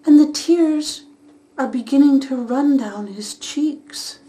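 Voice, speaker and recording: A woman telling a children's story aloud, narrating in an expressive, unhurried way. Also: high-pitched.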